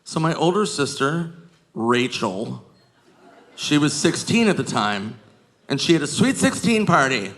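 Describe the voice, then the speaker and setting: A man in his forties doing stand-up, telling stories in an animated way that jumps into loud shouts on a comedy stage. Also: mid-range voice, a little slow. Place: comedy stage before a live audience. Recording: live comedy club, audience noise.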